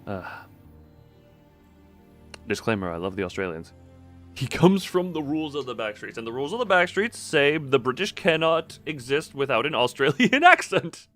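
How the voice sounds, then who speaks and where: A lively male streamer who jokes with chat and reads the game's lines aloud. His pitch swoops widely as he talks. Faint game music plays under his voice. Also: normal speed. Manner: jokey and animated, trying out voices. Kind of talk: live game stream commentary and reading subtitles aloud.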